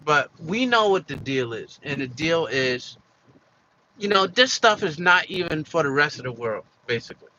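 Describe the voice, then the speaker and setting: A man's voice: fairly high pitch, sing-song, moderate pace, bright, forceful tone, muffled recording, slight background noise. A man giving an emphatic opinion monologue for his video channel, repeating his points with many fillers and restarts. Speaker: commentary vlogger.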